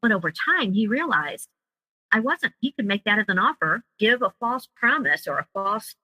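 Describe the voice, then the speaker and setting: A woman's voice: medium pitch, very animated, normal speed, sharp tone, no room sound, low-quality recording. A woman guest telling her own story in an interview, emotional and vivid, acting out the words of others as she recounts them. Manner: emotional storytelling, acts out quoted dialogue. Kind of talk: personal account in an interview.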